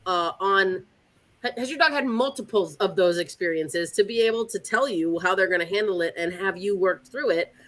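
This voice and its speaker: A woman's voice: medium pitch, normal speed. A woman dog trainer hosting a casual chat, telling stories animatedly and acting out her dog's thoughts. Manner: animated storyteller, acts out her dog's voice with giggles. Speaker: dog trainer and podcast host.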